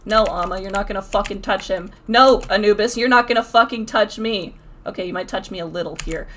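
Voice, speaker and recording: A woman's voice: medium pitch, moderate pace, fairly bright tone, slight background noise. A young woman streaming a video game, swearing and trash-talking as she plays. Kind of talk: live gameplay commentary.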